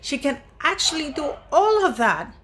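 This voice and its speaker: A woman's voice: sits high, sing-song, normal speed, a bit bright, a little hiss or hum. A woman hosting her own channel, talking to viewers in a casual commentary monologue. She is emphatic, stresses her words and repeats her points. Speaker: YouTube channel host.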